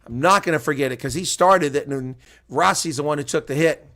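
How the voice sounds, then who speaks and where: A man giving live rugby play-by-play, shouting on big plays and chatting casually with viewers in between. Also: a little high, a little fast. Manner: reads viewer chat aloud. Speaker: play-by-play commentator. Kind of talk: live sports commentary.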